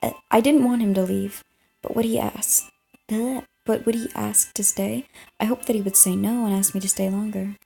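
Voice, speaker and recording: A woman's voice: medium pitch, fairly even intonation, normal speed, vocal fry, warm tone, slightly rough, faint music behind. A young woman hosting a let's play, reading a visual novel aloud, giggling and tripping over her words while chewing gum.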